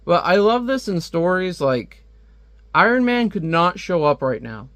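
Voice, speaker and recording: Casual comic reviewer, chatty and laughing, slightly high voice. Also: male voice, big pitch swings, unhurried, fairly bright tone, no room sound. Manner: chatty, laughing, many fillers.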